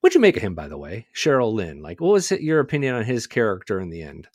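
A man's voice: on the low side, wildly swooping pitch, quick pace, a little mellow, no echo, clean studio sound. A man co-hosting a podcast, recapping a TV show in casual, conversational chat with lots of hedging words. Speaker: podcast co-host.

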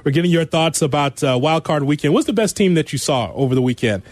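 Upbeat sports radio host, man, higher voice. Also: fast talker, a little mellow, dry recording. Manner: upbeat, laughs often, reads station promos. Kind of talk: sports talk radio chat. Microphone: studio mic.

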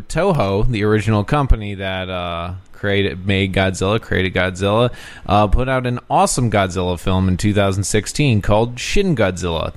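A man with a fairly low voice hosts a casual film podcast. He talks in an earnest, enthusiastic ramble, and the sound is dry and close with no room around it. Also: no echo. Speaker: podcast host. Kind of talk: casual radio-podcast chat.

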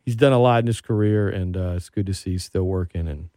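A man hosting a casual talk show, an animated storyteller who gets worked up. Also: low-pitched, fast, dry recording, clean studio sound. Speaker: podcast host. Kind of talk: casual chat.

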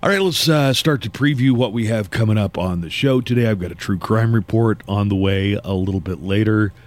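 A man from East Texas hosting a morning radio show, easygoing and chatty, with loose fillers between forecasts and segments. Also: on the low side. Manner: easygoing, laughs often, drawn-out fillers. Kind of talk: casual morning radio chat.

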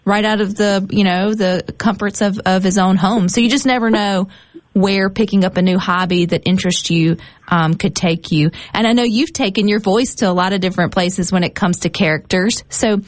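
A woman's voice: medium pitch, steady tone, normal speed, no room sound. A woman hosting an interview in an upbeat, encouraging, somewhat rambling way. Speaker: host.

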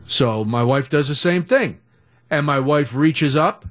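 A middle-aged man hosting a radio talk show, telling a story in a chatty, animated way. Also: on the high side, unhurried. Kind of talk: casual storytelling.

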